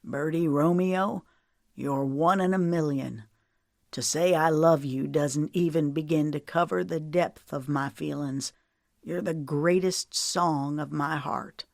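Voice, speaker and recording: An older husband, remorseful yet teasing, who speaks with a slow, drawling earnestness, as a woman narrator puts him on. His voice sits low and unhurried, recorded close and dry. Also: steady tone, creaky, darkish tone, dry recording, exaggerated voice. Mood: tender.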